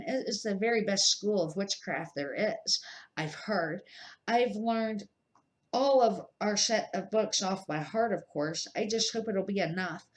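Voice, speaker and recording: An older woman voicing Hermione, a bossy, eager eleven-year-old witch who talks quickly. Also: medium pitch, lightly acted. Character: bossy, know-it-all schoolgirl witch, eleven.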